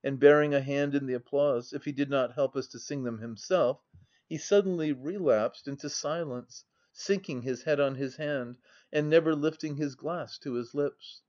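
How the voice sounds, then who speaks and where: Male audiobook narrator, measured reading, mid-pitched voice, dull lo-fi recording. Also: a little mellow. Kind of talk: scripted narration of a novel.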